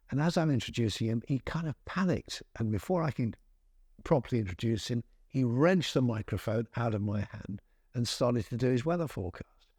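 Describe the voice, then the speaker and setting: A man's voice: lowish voice, mellow, breathy edge, dry recording, studio quality. An older man, a veteran TV presenter, telling amused, chatty anecdotes with frequent restarts. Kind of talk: anecdotal storytelling.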